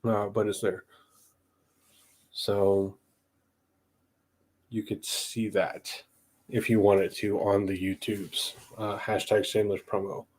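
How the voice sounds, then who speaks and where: A man's voice: fairly low pitch, little pitch movement, slow, pauses often, darkish tone. A young man from the southeastern United States chatting casually on a livestream podcast, thinking aloud with lots of ums and restarts. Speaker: podcast host.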